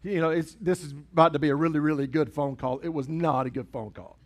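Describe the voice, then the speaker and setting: A middle-aged man with a fairly high voice talks fast as he preaches a sermon. This pastor is chatty and tells stories, acting out dialogue as he goes.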